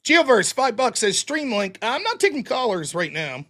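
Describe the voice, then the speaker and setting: A man hosting a live stream, reading viewer donations aloud and answering them with sarcastic jokes, dropping lower and quieter when he reads their messages. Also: sing-song, moderate pace. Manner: mocking, sarcastic humor. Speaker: livestream host reading super chats. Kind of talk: casual live-stream chat.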